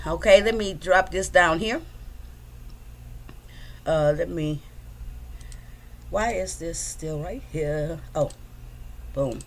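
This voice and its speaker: A woman's voice: fairly low pitch, takes it slowly, pauses often, faint music behind. A woman hosting a casual livestream from home, chatting loosely and greeting her viewers by name. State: a bit out of breath. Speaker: livestream host.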